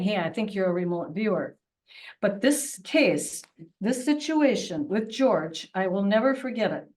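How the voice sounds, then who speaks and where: A woman presenting at a public meeting, telling a personal story in an earnest, emotional voice. She halts and restarts often as she goes. Her voice is of middle pitch and sounds somewhat distant from the microphone. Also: a little mellow.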